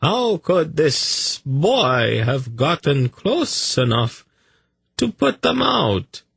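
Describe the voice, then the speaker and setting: A man voicing an oily, fawning merchant who protests in a high, whining manner. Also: sing-song, very slow, gravelly, a bit bright, slightly rough, no room sound, heavily acted. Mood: oily protesting.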